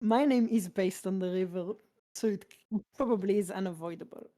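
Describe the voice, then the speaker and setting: A woman's voice: medium pitch, normal speed, mellow. A woman in a casual group chat on a stream, making wry, amused remarks.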